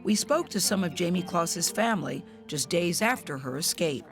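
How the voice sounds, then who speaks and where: A woman correspondent narrating a news report in a measured, solemn way and interviewing family members. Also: on the low side, expressive, soft background music.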